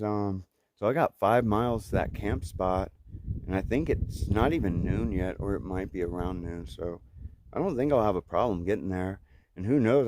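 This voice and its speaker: A young man vlogging outdoors on a mountain trail, talking haltingly with many fillers and restarts and getting emotional. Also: deep voice, a little mellow, a little hiss or hum. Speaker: thru-hiker vlogger. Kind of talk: casual vlog talk to camera.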